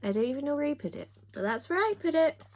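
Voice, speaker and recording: A young woman chats to her camera while doing her makeup. She keeps up a relaxed, self-deprecating patter, full of quick asides and jokes at her own expense. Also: high-pitched. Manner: chatty and self-mocking, with little asides. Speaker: book vlogger.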